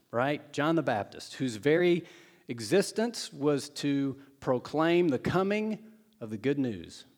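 A pastor preaching a sermon in a conversational, storytelling way, acting out the words of the people in his stories. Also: mid-range voice. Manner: conversational storytelling, acts out quotes.

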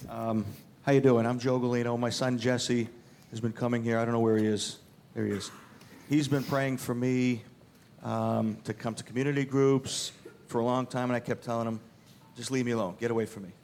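A man's voice: mid-range voice, little pitch movement, a little fast, darkish tone. A middle-aged father speaks to a church group about his own life. He talks plainly and conversationally, with faint noise in the background. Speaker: father giving a testimony. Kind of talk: personal testimony to a church group.

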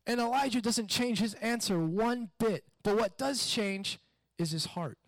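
High-voiced man preaching casually. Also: unhurried, no room sound. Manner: conversational, animated preaching with repeated questions. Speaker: pastor. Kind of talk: sermon.

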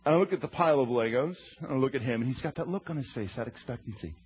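A man in his thirties, a pastor preaching a sermon with humorous, animated storytelling. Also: medium pitch, very fast, slight background noise. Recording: slightly muffled recording.

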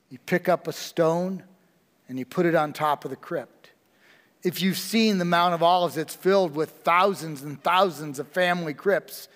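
Male pastor, high voice, unhurried sermon delivery, reverberant church hall. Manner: slow, emphatic preaching with dramatic pauses.

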